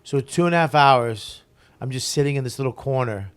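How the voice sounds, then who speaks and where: A man's voice: mid-range voice, fairly quick, clear, resonant tone. Profane, laughing storyteller man. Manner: profane, animated, laughs through stories. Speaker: guest comedian. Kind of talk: casual storytelling.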